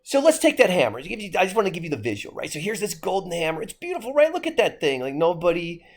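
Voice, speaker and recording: A man's voice: high voice, wildly swooping pitch, fast. A man with a Midwestern American accent giving a history lecture to his class, asking rhetorical questions as he goes. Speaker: history teacher.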